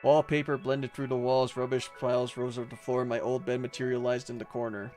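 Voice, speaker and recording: A man's voice: mid-range voice, flat delivery, brisk, darkish tone, soft background music. A man streaming a visual novel, reading its narration and dialogue aloud and breaking off now and then to joke and laugh. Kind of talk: playful read-aloud of game text with commentary.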